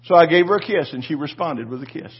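A man's voice: a little high, expressive, fast, slightly rough, dull audio. A man preaching a sermon, telling a personal story with fervent, repetitive delivery and calls for the congregation to respond. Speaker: pastor.

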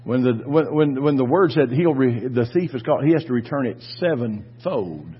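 Male pastor, fiery sermon, lively husky voice, muffled lo-fi recording. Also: mid-range voice, moderate pace. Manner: fervent, swings from quiet to shouting.

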